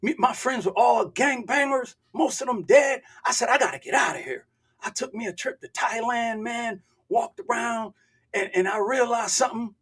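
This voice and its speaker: A man's voice: very high voice, normal speed, fairly bright tone, husky, voice pushed up, heavily acted. A man putting on the voice of a young former gang member from Memphis, with a Memphis accent and loose street slang. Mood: streetwise.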